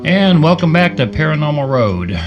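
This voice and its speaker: A man co-hosting a paranormal podcast, telling a personal story in a halting way with many fillers and restarts. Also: fairly high pitch, big pitch swings, dull audio, music in the background. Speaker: podcast co-host. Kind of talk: casual storytelling.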